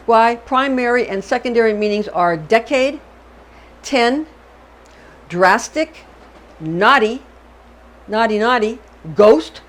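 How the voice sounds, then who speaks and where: A middle-aged woman hosting an astrology talk, chatty and digressive, often repeating herself and checking in with "okay?". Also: on the high side. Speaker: astrology channel host. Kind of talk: unscripted astrology lecture.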